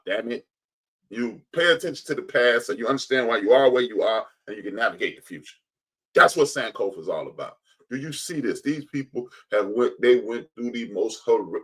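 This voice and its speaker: A man's voice: medium pitch, animated, brisk, fairly bright tone, breathy edge, poor audio. A man hosting a podcast, giving emphatic, preachy commentary that rises in bursts. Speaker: podcast host. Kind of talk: impassioned commentary.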